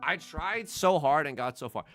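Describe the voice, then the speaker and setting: A man's voice: on the high side, lively intonation, moderate pace, a bit bright, no echo. A young man streaming, chatting casually and rambling with self-mocking jokes while he plays. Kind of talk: casual livestream chat while playing. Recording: faint music behind.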